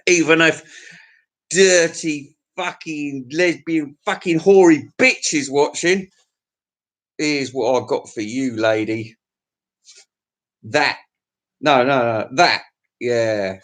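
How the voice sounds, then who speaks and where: A man's voice: mid-range voice, takes it slowly, long pauses, a bit bright. A man hosting a livestream, telling crude, profane, jokey stories in a rambling casual chat to his viewers. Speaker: livestream host.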